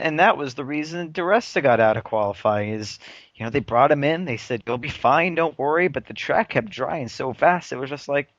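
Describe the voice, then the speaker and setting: A man's voice: medium pitch, fairly bright tone, dry recording. A man co-hosting a podcast in casual chat, talking through details in an analytical way, with plenty of fillers. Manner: chatty, analytical, uses many fillers. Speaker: podcast co-host. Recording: dry, dull lo-fi sound.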